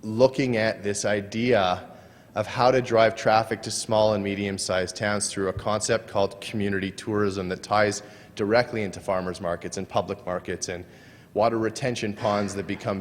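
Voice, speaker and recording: A man giving an earnest conference presentation, sometimes trailing off and restarting his sentences. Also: on the low side. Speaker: conference speaker. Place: conference hall. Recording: long hall reverb.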